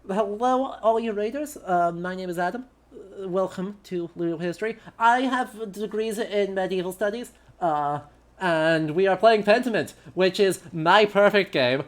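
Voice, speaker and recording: A young adult man chatting casually on a live game stream, with many "uh" fillers and a relaxed manner. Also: high-pitched, normal speed. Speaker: streamer and historian.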